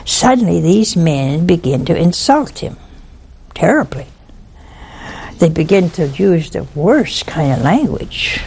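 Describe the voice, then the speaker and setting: A woman delivers a preachy story at a slow, deliberate pace. Her voice is gravelly, sits a little low, and she leans on key words and repeats them for weight. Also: sing-song, darkish tone, a little hiss or hum. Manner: earnest and emphatic, repeats for effect.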